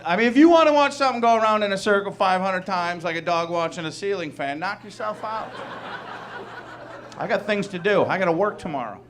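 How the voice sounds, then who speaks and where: A young man doing a stand-up comedy set, loud and animated, laughing through his punchlines. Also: on the high side, noisy background.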